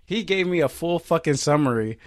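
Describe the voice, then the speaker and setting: A man co-hosting a podcast, telling a story in casual chat, animated and profane, acting out what others said. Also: on the high side, a little fast, no room sound, clean studio sound. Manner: animated, profane, acts out quoted voices. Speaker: podcast co-host.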